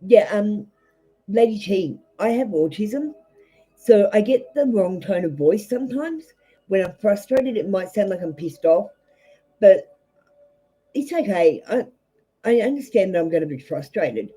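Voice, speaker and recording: An Australian woman talks straight to her viewers as a tarot reader on a live stream. She is blunt and rambling, full of fillers and self-restarts. Her voice is mellow and relaxed, at an ordinary middle pitch. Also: unhurried, slightly rough, faint music behind, poor audio.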